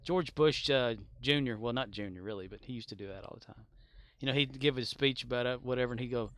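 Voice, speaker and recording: A man's voice: medium pitch, brisk, a bit bright. A man streaming a game, chatting casually as he plays, joking, rambling off on tangents and laughing often. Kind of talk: casual gameplay chat.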